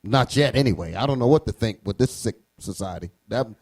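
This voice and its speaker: A man's voice: fairly low pitch, animated, a little fast, a little mellow, breathy edge. A man leading a preaching panel, casual and emphatic, acting out quotes as he makes his point.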